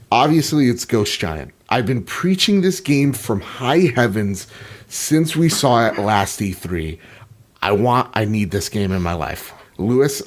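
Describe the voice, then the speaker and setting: A male podcast host chatting about games with lots of excited, slangy energy. His pitch swings up and down as he talks. He is playful and quick to joke. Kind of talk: casual podcast chat.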